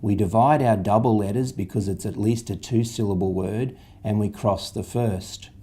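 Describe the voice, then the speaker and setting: Dark-voiced man teaching phonics. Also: fairly low pitch, steady tone, normal speed. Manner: patient, step-by-step instructional delivery. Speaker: literacy teacher. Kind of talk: phonics lesson explanation.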